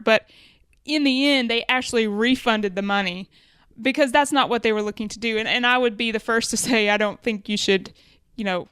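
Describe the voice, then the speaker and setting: This Alabama-born woman co-hosts a podcast, where she chats through business lessons, musing aloud and reworking her words mid-thought. The recording is dry, and her slightly high voice comes across a bit bright, clear, and resonant.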